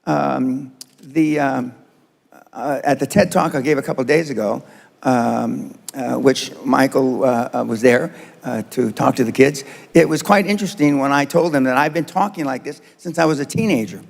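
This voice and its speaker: In his seventies, this man gives a live seminar audience motivation that's frank and full of profanity, speaking at normal speed in a mid-range voice with vocal fry. The recording carries long reverb from the hall.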